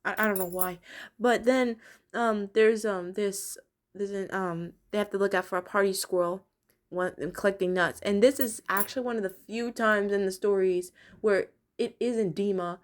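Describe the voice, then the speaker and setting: A woman's voice: mid-range voice, steady tone, moderate pace. A young woman casually reviewing a cartoon episode, chatty and giggly, with many fillers and restarts.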